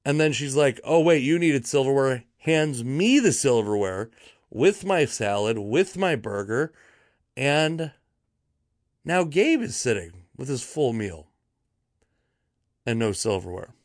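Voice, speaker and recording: A man of medium pitch tells a comic story in a loose, rambling way. He exaggerates dryly and keeps correcting himself mid-sentence. His voice sounds close and dry, with no room sound. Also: very animated, takes it slowly, pauses often, no room sound. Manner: rambling, wry, exaggerating for laughs; frequent fillers and self-corrections. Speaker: podcast host. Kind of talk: casual comedic storytelling monologue.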